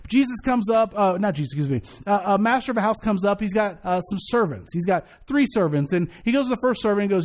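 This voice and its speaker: A male pastor preaching a sermon in a lively, conversational way, often repeating words as he restarts. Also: sits high, fast talker, few pauses.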